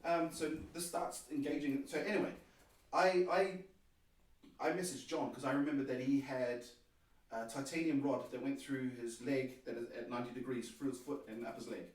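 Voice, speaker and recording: A man, a podcast guest, telling a personal story in an animated way and acting out the dialogue. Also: mid-range voice, normal speed. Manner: animated, acts out quoted dialogue. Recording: very echoey room, distant mic.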